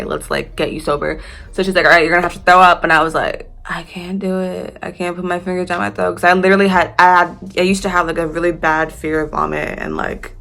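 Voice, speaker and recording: Young woman from the US, slightly low voice, loose swearing storytime chat with laughs, faint music underneath. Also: gravelly, fairly bright tone. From United States. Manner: chatty, swearing, laughing, filler-heavy. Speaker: vlogger telling a story. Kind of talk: casual storytime vlog.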